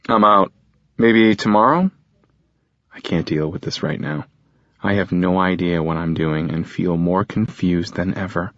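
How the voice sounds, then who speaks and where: A man's voice: sits low, no echo, lo-fi sound. A man narrating a first-person audiobook in a brooding, introspective way.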